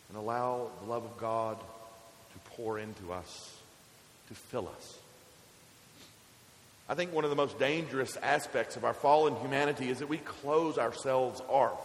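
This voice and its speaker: A male pastor delivers a sermon at a middle pitch, his voice lifting and dropping for emphasis. The recording carries a roomy echo with a long reverb tail from the church hall. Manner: measured preaching, rises and falls for emphasis.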